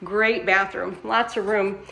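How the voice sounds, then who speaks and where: A woman's voice: mid-range voice, fairly even intonation, slow, creaky, fairly bright tone. A woman who manages a mobile home sales lot, chatting in an upbeat way while she walks viewers around a home, outside and then inside. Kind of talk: casual home walkthrough.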